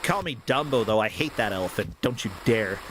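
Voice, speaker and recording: A man's voice: on the low side, animated, brisk, background noise. An American man commentating a game tournament livestream in a casual, rambling, joking way, laughing often. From United States.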